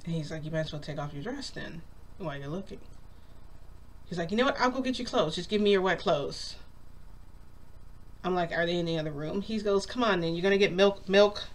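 A woman's voice: on the low side, animated, a little fast, pauses often. A woman vlogger telling a long story in a casual, rambling way, full of "like" and acted-out quotes. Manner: rambling, lots of "like", acts out quotes.

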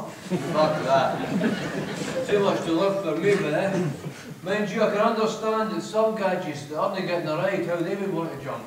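An author with a Scottish accent, middle-aged, reads his own crude, comic first-person fiction aloud on stage, sweary, wry and broad in dialect. His voice sits high, there's background noise, and the echoey theatre was recorded from afar.

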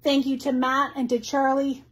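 A woman's voice: high-pitched, flat delivery, normal speed, husky. A middle-aged woman who owns a craft store, hosting a casual live stream, chatty and effusive as she reads viewer comments aloud. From Canada.

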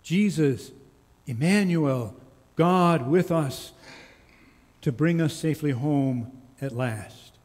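A male pastor preaching in a church, slow and earnest, with lines that trail off softly. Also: fairly high pitch. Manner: slow, earnest storytelling with soft, quiet endings. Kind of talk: sermon. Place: church sanctuary. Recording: long church reverb.

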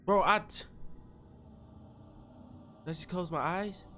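Scared young man with a bright voice. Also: high-pitched, slow, a little hiss or hum. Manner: jumpy, frightened, slangy, says bro and dude. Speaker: gaming YouTuber. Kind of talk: horror game commentary.

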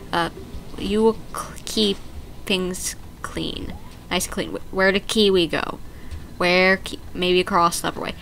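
Young woman, let's play commentary, playful and chatty, medium pitch, faint background hiss. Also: sharp tone. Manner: chatty, playful, reads game text aloud. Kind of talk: casual gameplay commentary.

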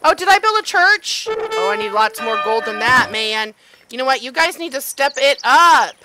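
A woman hosting a let's play, chatting excitedly and yelling at the game as she plays. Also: sits high, normal speed. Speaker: gaming channel host. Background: game music and gunfire.

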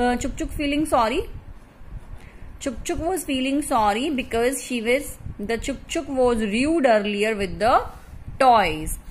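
A woman with an Indian English accent teaching a recorded class lesson to young children, asking questions and explaining slowly and clearly. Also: fairly high pitch, fairly bright tone, slight background noise, low-quality recording. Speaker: primary school English teacher.

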